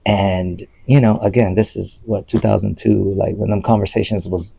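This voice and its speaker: A man in his forties talks about his work in a casual interview, his voice very low and dark with a gravelly edge. He tells stories in an animated, rambling way, full of restarts and fillers. The sound is dry and close. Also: normal speed, no echo. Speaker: playwright and performer.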